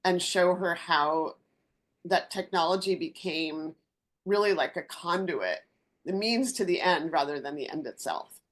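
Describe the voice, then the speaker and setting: A middle-aged woman with a fairly low voice speaks as a company founder in a relaxed interview. She tells stories in an animated way and acts out the back-and-forth of conversations. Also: measured pace. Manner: animated anecdotes with acted-out dialogue.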